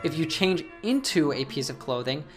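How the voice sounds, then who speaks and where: Low-voiced woman explaining English. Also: lively intonation, normal speed, faint music behind. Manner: clear, explanatory. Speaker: English teacher. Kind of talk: scripted lesson narration.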